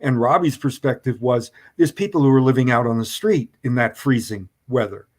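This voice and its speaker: A man speaking as a guest in a discussion, who talks haltingly with many hesitations and restarts. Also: medium pitch, a little mellow. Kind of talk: conversational debate.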